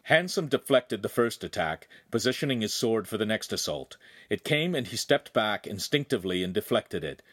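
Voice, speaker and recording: A man's voice: on the low side, sing-song, moderate pace, fairly bright tone, no echo, clean studio sound. A man reading a young adult novel aloud as the narrator, telling an action scene vividly. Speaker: audiobook narrator. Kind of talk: scripted narration.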